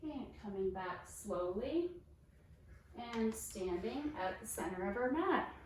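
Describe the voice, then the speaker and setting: Slow, calm woman guiding yoga. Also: medium pitch, distant mic, slight background noise. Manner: calm, encouraging step-by-step cues. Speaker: fitness instructor. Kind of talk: guided yoga class instruction. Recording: echoey room, voice off-mic.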